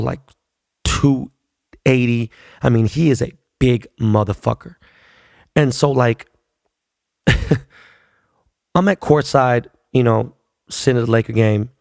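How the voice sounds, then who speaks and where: A man hosting a podcast, telling a story in a loose, profane, animated way. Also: medium pitch, creaky, no room sound, clean studio sound. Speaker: podcast host. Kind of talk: casual storytelling.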